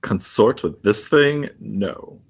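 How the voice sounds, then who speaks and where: A man playing a tabletop game in an offhand, unhurried way. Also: lowish voice, animated, vocal fry, husky. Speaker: player.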